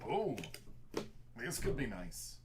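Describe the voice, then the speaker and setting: A man's voice: mid-range voice, very animated, takes it slowly, background noise. A man chatting casually on a live stream while opening trading cards, joking and laughing. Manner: jokey, chatty, laughs easily.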